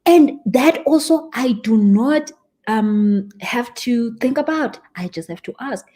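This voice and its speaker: A young woman coaching a live-stream audience, animated and emphatic, stressing points by repeating words. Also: on the high side, takes it slowly. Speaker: spiritual business coach.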